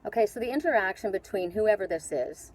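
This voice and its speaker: Poor audio with slight background noise captures a middle-aged Canadian tarot reader, speaking with a Canadian accent, as she rambles through a casual spiritual reading on an outdoor patio, full of restarts and fillers. Her medium-pitched voice is expressive, fairly quick and a little mellow.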